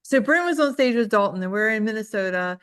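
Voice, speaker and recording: A woman's voice: medium pitch, animated, quick pace, a bit bright. A woman real estate trainer giving a casual group coaching talk, telling candid, self-deprecating stories with lots of "like" fillers. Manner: chatty storytelling, heavy use of "like".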